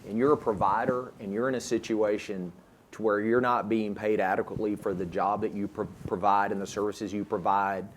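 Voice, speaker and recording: Male panelist, low voice, emphatic, light background noise. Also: steady tone, a little fast. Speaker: panel participant.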